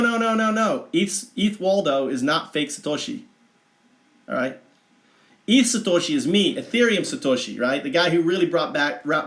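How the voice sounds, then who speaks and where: A man talking through a chart in a digressive, rambling monologue, restarting often and bursting into excitement. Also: fairly high pitch, echoey room. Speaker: vlogger explaining a chart of figures.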